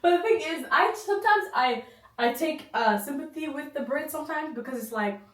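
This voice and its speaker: A young woman co-hosting a casual podcast chat, animated and joking, often trailing off and restarting. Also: high-pitched, brisk. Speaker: podcast co-host. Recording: roomy echo, mic at a distance.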